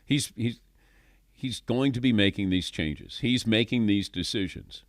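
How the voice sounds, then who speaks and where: A man's voice: fairly low pitch, a little slow, no room sound, studio quality. A middle-aged man hosting a sports talk radio show, wry and questioning, chuckling often. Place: radio studio.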